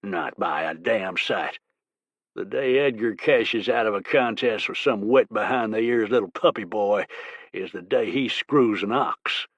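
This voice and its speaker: A man voicing a drunk, belligerent bullwhacker who slurs and growls slowly. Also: fairly low pitch, breathy edge, no echo, muffled recording. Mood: snarling. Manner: slow, slurred, snarling.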